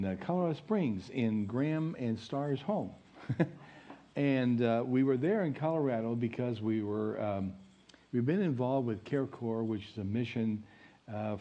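Folksy, husky-voiced pastor. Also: male voice, mid-range voice, dull audio. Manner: folksy and chatty, many fillers, chuckles at own stories. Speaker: interim pastor. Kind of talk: informal sermon.

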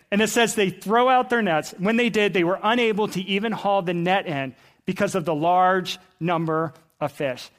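A man preaching a sermon, telling a Bible story in a conversational way, acting out characters' lines and asking the congregation rhetorical questions. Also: sits high. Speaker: pastor.

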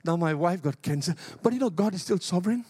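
Older guy pastor preaching hard, kinda high voice, super dry, repeats stuff, pitch jumps all over. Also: lively intonation, fast, a little mellow, breathy edge, no room sound. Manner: emphatic, repetitive preaching with big pitch swings. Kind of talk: sermon.

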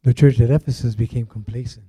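A man's voice: medium pitch, steady tone, quick pace, mellow, slightly rough, no room sound. A middle-aged male pastor who preaches in a casual, conversational way, with rambling asides and fillers. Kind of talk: conversational sermon.

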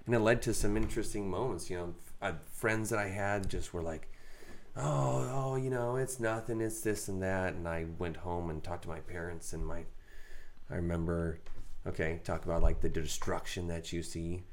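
A man's voice: low voice, normal speed, a little hiss or hum. A man co-hosting a faith podcast, telling a candid, self-deprecating personal story in casual conversation. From raised in a Mennonite Brethren community. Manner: candid, self-deprecating, animated when quoting others. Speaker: podcast co-host.

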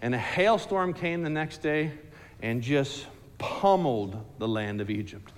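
A man telling a Bible story to a group in a casual, animated, slangy way, asking the listeners questions directly. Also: medium pitch, measured pace, big-room sound.

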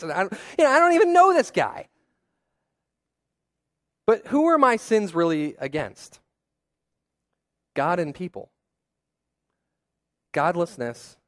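A young man preaches in a relaxed, conversational way, mixing personal stories with quick asides. His voice sits a little high for a man. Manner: conversational, self-deprecating storytelling with asides. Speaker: pastor. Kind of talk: sermon.

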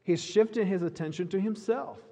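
A pastor preaching a sermon in an earnest, emphatic way, repeating key phrases. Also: male voice, high voice, normal speed, mellow, in a large hall.

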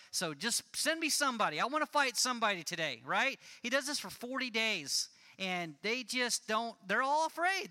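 A man preaching to a young audience, retelling a Bible story in a lively, jokey way and acting out the characters. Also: sits high. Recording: long hall reverb.

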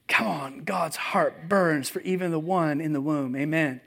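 A pastor with a notably high voice preaching to a live congregation. He tells stories with humor, dropping to a hush and then rising to loud bursts. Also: a little slow, gravelly, few pauses. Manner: animated, humorous, swings between hushed and loud. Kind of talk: sermon with personal storytelling. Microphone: presentation with slides, live audience.

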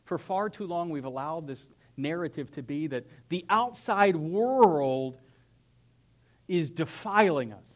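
A young man, a pastor, preaching a sermon in a church in an animated, conversational way. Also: on the high side, slow. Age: young adult. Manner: animated, conversational, acts out whiny voices. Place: church sanctuary.

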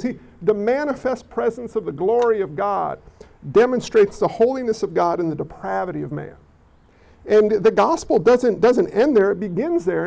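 A man preaching a sermon in an animated way. He often repeats words as he builds his points. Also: high voice, gravelly. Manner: animated, repeats words, acts out quoted people. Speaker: pastor. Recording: dull lo-fi recording.

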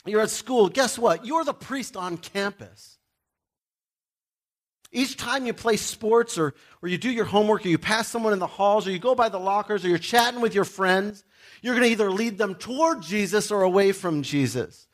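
A man's voice: high-pitched, moderate pace. A middle-aged man preaching a sermon as a pastor, speaking directly and emphatically to his listeners, with joking asides.

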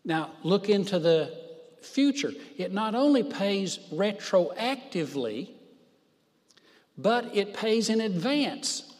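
A man's voice: high voice, big pitch swings, darkish tone, long reverb tail. A man preaching a sermon, stressing words by drawing out his phrases. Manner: emphatic, drawn-out phrases for stress.

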